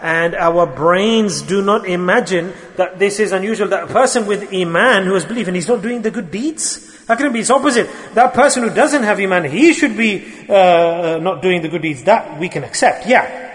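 High-voiced man preaching in a reverberant hall. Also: normal speed. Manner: rhetorical questions to the audience. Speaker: speaker at a religious gathering. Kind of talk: sermon.

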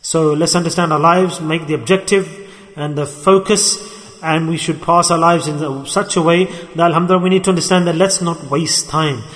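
A man's voice: on the high side, steady tone, moderate pace, a bit bright. A man giving an earnest sermon as a religious teacher, repeating and stressing key phrases. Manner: earnest, repetitive, emphatic phrasing. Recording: echoey hall.

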